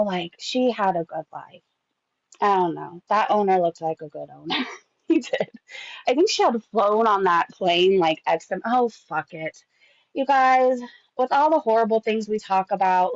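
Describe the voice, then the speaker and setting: A woman rambles through casual gossip commentary, chatty and loose with swearing. Her voice carries a gravelly fry. The recording is dry and a little dull. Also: medium pitch, no echo. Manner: chatty, swearing, laughs often.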